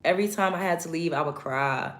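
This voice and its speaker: A woman's voice: low-pitched, fast, fairly bright tone. Chatty young woman livestreaming. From New York. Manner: chatty, talks to viewers while doing makeup. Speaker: livestream host. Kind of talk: casual livestream chat.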